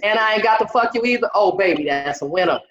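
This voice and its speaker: A woman's voice: mid-range voice, expressive, fast talker, background noise. Woman comic, raunchy storyteller, slightly muffled video call sound. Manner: bawdy, profane storytelling with acted-out quotes. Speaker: stand-up comedian. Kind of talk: stand-up comedy set over video call. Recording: roomy, dull video call audio.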